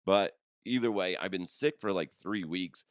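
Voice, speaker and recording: A man hosting a comedy podcast, hoarse from a cold, talking casually with lots of swearing and laughter. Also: low voice, moderate pace, dry recording, studio quality. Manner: animated, swearing, laughs a lot. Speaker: podcast host.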